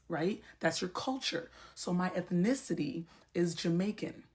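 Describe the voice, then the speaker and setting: A woman's voice: on the low side, moderate pace, hardly any pauses, darkish tone. A woman from the United States ranting to camera, laying out her argument step by step with lots of rhetorical questions. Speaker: social media creator.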